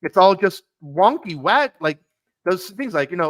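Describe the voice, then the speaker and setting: A man's voice: high voice, very animated, a little slow, dry recording. A man in a casual podcast chat, telling rambling, chatty stories.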